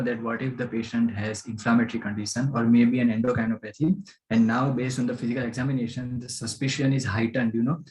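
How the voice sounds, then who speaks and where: Fast-talking man reasoning through a case. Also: mid-range voice, darkish tone, low-quality recording. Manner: rapid, with frequent "you know" fillers. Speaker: discussant. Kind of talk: thinking aloud in a case discussion.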